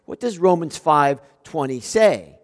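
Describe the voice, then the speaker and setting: A fairly high-voiced male pastor preaching a sermon, animated and dramatic, jumping from loud emphatic outbursts to hushed asides. His voice rings through a church sanctuary with a long reverb tail. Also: a little slow.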